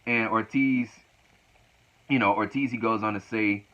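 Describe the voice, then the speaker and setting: A man's voice: on the low side, steady tone, measured pace, fairly bright tone. A man casually recapping a show, rambling, repeating his words and often laughing. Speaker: wrestling show reviewer. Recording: lo-fi dull recording.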